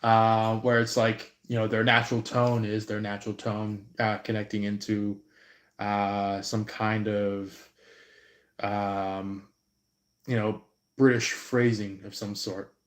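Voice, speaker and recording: A man giving an intuitive reading on a live stream, slow and halting, with many fillers and restarts. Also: lowish voice, level tone, roomy sound. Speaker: tarot reader.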